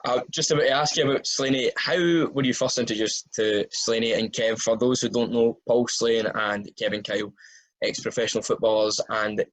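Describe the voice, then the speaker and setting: A man interviewing a guest in a relaxed, easygoing way. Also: medium pitch, a little fast, low-quality recording. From Scotland. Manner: relaxed, laughs easily. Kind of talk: casual interview.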